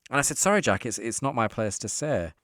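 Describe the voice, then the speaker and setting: A man telling a story as an interview guest, lively and acting out the dialogue he quotes. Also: medium pitch, fast, dry recording, clean studio sound. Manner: animated, acts out quoted dialogue.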